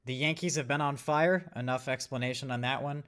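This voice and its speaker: A man's voice: mid-range voice, brisk, a bit bright, clean tone. A man hosting a casual sports betting podcast, rambling and swearing while he has a cough. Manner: rambling and profane, explaining picks. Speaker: podcast host.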